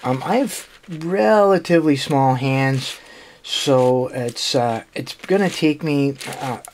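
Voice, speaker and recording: A man hosting a puzzle channel talks casually through an unboxing at a middling pitch. He stops and restarts often and laughs quietly to himself as he goes. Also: slight background noise. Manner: hesitant, halting, full of restarts and small laughs.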